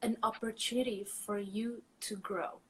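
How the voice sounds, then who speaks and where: A woman's voice: fairly high pitch, steady tone, a little slow, a bit bright, slightly rough, low-quality recording. A woman trauma coach talking casually as a podcast guest, chatty with frequent fillers and laughs.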